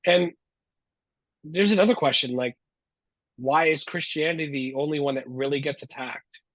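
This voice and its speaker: A man's voice: a little high, normal speed, a bit bright, no room sound, lo-fi sound. A man hosting a podcast, reacting emphatically and cursing freely in casual chat. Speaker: podcast host.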